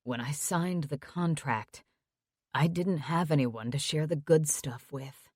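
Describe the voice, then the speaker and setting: A woman reading a soft-spoken, heartfelt young hockey player. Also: deep voice, slow pace, no echo, clean studio sound, voice pushed down. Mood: tender. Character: earnest young male hockey player, tender.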